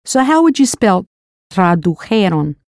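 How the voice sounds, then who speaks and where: A woman's voice: mid-range voice, big pitch swings, unhurried, darkish tone, no room sound, clean studio sound. A woman teaching a recorded language lesson, spelling words out letter by letter and asking the listener to answer. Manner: spells words letter by letter, then prompts the learner.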